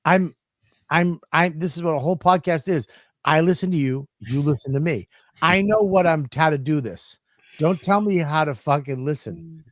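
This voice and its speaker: A podcast host man ranting through a story, swearing constantly and getting worked up. His voice is pitched a bit high and sounds close and dry. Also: normal speed, dry recording. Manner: profane, animated ranting.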